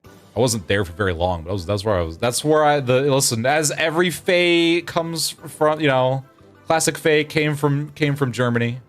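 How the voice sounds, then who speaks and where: A man's voice: mid-range voice, normal speed, soft background music. A man in his thirties, a streamer, chatting casually with viewers while he plays a game. He rambles, often restarts his sentences and laughs a lot. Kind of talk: casual gameplay chat with viewers.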